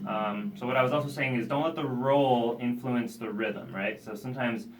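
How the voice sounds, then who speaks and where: A man's voice: mid-range voice, normal speed, over loud music. A man, a drummer, explaining his drum part, scatting the rhythms aloud with frequent hesitant fillers.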